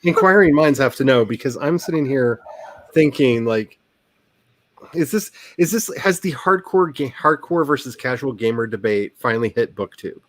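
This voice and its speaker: A man's voice: mid-range voice, animated, normal speed, dry recording. A man hosting a writing livestream, chatting casually in a rambling, joking, self-deprecating way. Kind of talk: casual chat.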